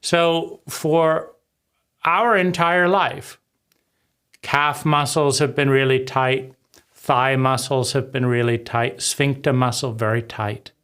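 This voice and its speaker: A man's voice: mid-range voice, flat delivery, takes it slowly, fairly bright tone, smooth. A man speaking in a raw, intense personal monologue, often swearing and asking "right?" after his points. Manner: occasional swearing. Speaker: video essayist.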